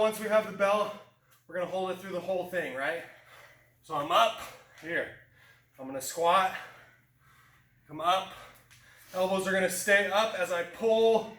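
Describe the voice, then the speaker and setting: Male workout coach, high voice, encouraging step-by-step cues, recorded far from the mic in an echoey gym. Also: a bit bright. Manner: encouraging, cueing moves step by step. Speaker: fitness coach. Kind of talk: workout instruction.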